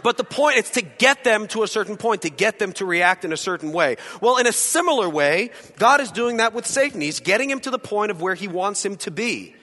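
A man with a high, lively voice teaches scripture to a group, throwing in jokes and asking the room questions. His tone is bright and sharp. The sound rings with the long reverb of a hall. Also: brisk, few pauses. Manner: animated, joking asides, rhetorical questions. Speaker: Bible study teacher. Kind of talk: conversational Bible teaching.

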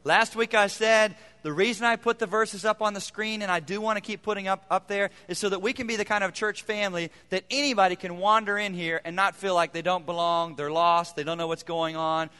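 A male pastor preaches to his congregation, driving points home by repeating them. His voice sits high and sounds bright and forceful. The sound carries a long reverb from the church hall. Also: steady tone, a little fast, hardly any pauses, smooth. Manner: emphatic, repeats phrases for effect. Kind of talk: sermon. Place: church sanctuary.

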